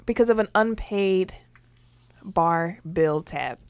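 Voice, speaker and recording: A woman's voice: fairly low pitch, takes it slowly, smooth, no room sound. A woman hosting a casual sports talk show, reading out game news and joking with her co-hosts. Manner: reads out news items, then jokes along.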